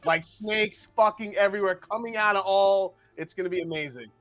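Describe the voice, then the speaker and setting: A man playing a tabletop game, chatting casually in quick, excitable asides broken up by laughter. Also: sits high. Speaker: player.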